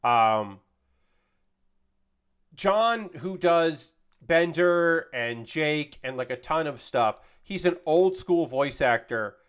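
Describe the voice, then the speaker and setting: Streamer, man, slightly high voice; loose rambling chat with casual swearing while he builds. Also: animated, takes it slowly, fairly bright tone, clear, resonant tone. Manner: rambling, profane, reads chat aloud.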